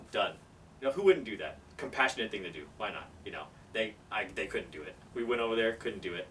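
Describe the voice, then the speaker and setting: A man telling a story casually, animated and acting out the people in it. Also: on the low side, brisk. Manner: animated, acts out every character. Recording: distant mic, faint background noise.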